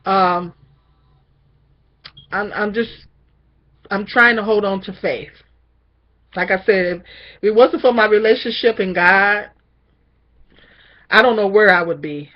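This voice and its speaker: Middle-aged guy venting to camera, kinda high voice, stammers and repeats a lot, tired and down, dull muffled audio. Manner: halting, repeats words, weary and discouraged. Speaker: vlogger. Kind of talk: personal venting monologue.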